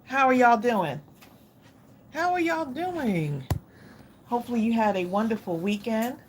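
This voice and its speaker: Middle-aged lady on a craft livestream, slow easy talker, chatty and gushy with the viewers. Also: on the high side, expressive, slight background noise. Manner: effusive, chatty, addresses viewers directly. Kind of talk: casual live chat with viewers.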